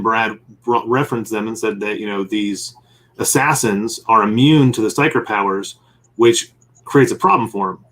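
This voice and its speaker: A fairly low, slightly bright male voice belongs to a comic publisher being interviewed casually as a guest; he's also the game master of his group. He sketches while telling a long, meandering story, acting out pieces of dialogue.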